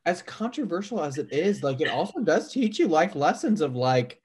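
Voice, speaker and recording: A man's voice: on the high side, big pitch swings, normal speed, darkish tone, breathy edge. A young man co-hosting a podcast in casual chat, easygoing, laughing along and leaning on fillers. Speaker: podcast co-host.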